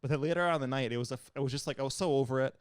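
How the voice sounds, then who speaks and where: A man's voice: medium pitch, very fast, clean tone, dry recording, clean studio sound. A young man co-hosting a podcast, telling a rambling, profane story in casual chat. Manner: storytelling, profane, animated retellings. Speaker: podcast co-host.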